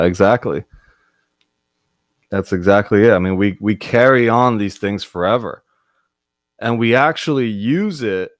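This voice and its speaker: A man's voice: fairly low pitch, no room sound, clean studio sound. A man hosting an online spiritual discussion group, talking casually and earnestly with repeated, searching phrases. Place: online group video call.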